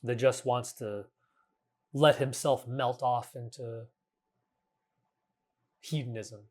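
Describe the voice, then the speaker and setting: Earnest, halting man hosting a podcast. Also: medium pitch, fairly even intonation, darkish tone. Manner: earnest, halting, many restarts, casual swearing. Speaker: podcast host. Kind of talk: reflective solo podcast monologue.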